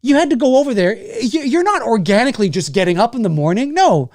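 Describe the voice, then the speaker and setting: A man's voice: extremely high pitch, big pitch swings, fast talker, a little mellow, dry recording, studio quality. A man hosting a casual livestream rant, rambling and swearing, with many restarts. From Canada. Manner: rambling, profane, frequent restarts. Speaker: YouTube host.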